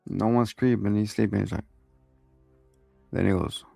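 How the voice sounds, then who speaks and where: A man's voice: fairly low pitch, steady tone, moderate pace, gravelly, warm tone, dry recording, soft background music. A man hosting a casual episode recap, loose and profane, acting out quotes along the way. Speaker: host.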